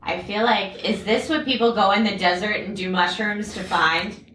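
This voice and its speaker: A woman guest chatting casually, giggly and expressive as she reacts. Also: mid-range voice, normal speed, echoey room, slight background noise. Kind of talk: casual chat.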